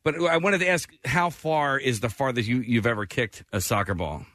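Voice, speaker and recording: A man's voice: mid-range voice, moderate pace, fairly bright tone, dry recording, clean studio sound. A man co-hosting a casual talk show, asking rambling questions with restarts. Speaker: radio co-host. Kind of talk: casual interview chat.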